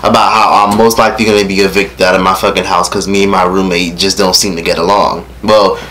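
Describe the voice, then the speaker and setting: A man in his late teens telling a story over a casual mukbang meal at home. He rants in a profane, animated way and eats between sentences. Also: low-pitched, quick pace, slight background noise. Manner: eating while talking. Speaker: vlogger. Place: his rented room at home.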